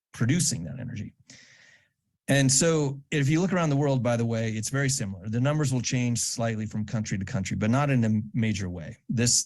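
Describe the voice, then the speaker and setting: Low-voiced man presenting slides. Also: darkish tone. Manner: conversational, explanatory, frequent restarts. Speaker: presenter at a church education event. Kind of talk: educational talk with slides. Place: church event room.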